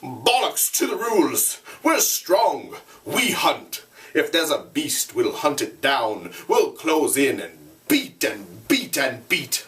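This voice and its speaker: A man's voice: mid-range voice, wildly swooping pitch, unhurried, bright, forceful tone, recorded from a distance, heavily acted. A man reading aloud, voicing a defiant, aggressive boy hunter who bullies and mocks in blunt, sneering tones.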